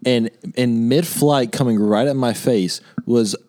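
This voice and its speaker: A young man tells a school story at an easy, unhurried pace, dropping jokes as he goes. His voice is mid-pitched for a man. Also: warm tone. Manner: laid-back, jokey storyteller. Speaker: podcast co-host. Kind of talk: casual chat.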